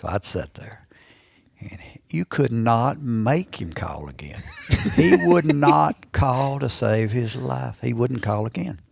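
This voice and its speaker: A man's voice: mid-range voice, lively intonation, takes it slowly, gravelly, a little mellow, slightly rough, no room sound. A man in his sixties with an Alabama Southern accent, telling stories as an interview guest, rambling and often repeating and restarting his phrases. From Alabama, USA. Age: 60s. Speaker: guest, veteran turkey hunter. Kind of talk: casual storytelling in a podcast interview.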